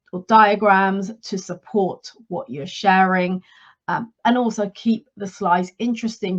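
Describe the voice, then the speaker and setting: A woman coaching her listeners in a solo podcast talk, instructive and steady, stressing key points by repeating them. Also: medium pitch, highs cut off. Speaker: leadership and career coach.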